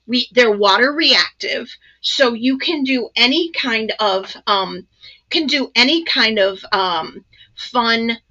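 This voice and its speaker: A woman hosting a casual live crafting demo, chatty and excited, with many ums and asides. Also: fairly high pitch, takes it slowly, lo-fi sound. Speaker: crafting channel host.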